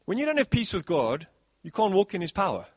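A man preaching a sermon as pastor, animated, swinging between soft passages and loud bursts. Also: high-pitched, fairly quick, slightly rough, no echo.

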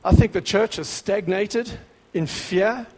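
A man preaching a sermon, exhorting in short emphatic repeated phrases that grow louder and more excited. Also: high-pitched, slow pace, big-room sound.

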